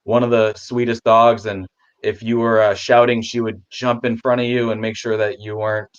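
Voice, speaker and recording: A man who is a guest on a casual video chat, rambling with restarts, talking warmly about his pets. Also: on the low side, flat delivery, moderate pace, smooth, muffled recording.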